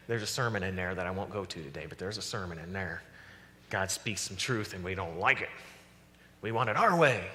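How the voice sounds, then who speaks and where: Man, pastor, lively sermon, bright forceful voice, long church reverb. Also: on the low side. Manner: animated preaching, acts out voices of God and the prophets. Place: church sanctuary.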